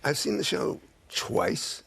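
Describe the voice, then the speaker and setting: A man in his eighties, a guest on a chat show, talking haltingly with many pauses to find his words. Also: a bit bright. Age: 80s. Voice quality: gravelly, husky. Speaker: guest songwriter. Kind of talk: casual chat show interview.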